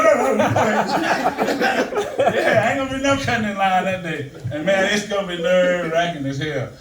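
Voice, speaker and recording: An older man telling stand-up stories with a high-pitched, loose, rambling delivery. His voice carries through a roomy, echoing space. The mic sits some distance from him. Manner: loose, storytelling, Southern-flavored delivery. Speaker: stand-up comedian. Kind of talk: stand-up comedy set. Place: comedy stage before a live audience. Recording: echoey room, mic heard from a distance.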